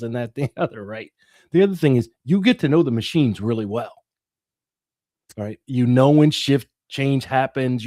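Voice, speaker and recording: A man's voice: medium pitch, a little mellow, dry recording, clean studio sound. A middle-aged man, an interview guest, telling a dramatic personal story with the odd laugh.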